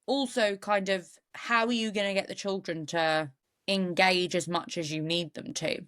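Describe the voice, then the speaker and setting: A woman's voice: on the low side, steady tone, normal speed, fairly bright tone, smooth. Chatty woman telling a true-crime story. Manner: chatty, goes off on jokey asides. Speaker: podcast co-host.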